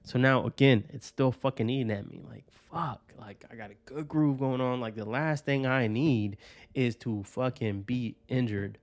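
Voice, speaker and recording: A man from Georgia talks on his own podcast in a loose, rambling flow. He swears constantly and checks in with "right?" every few lines. His voice sits at an ordinary middle pitch and sounds close and dry, with no room sound around it. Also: normal speed, no room sound. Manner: rambling, profane, keeps tagging lines with "right?". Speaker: podcast host. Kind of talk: casual personal monologue.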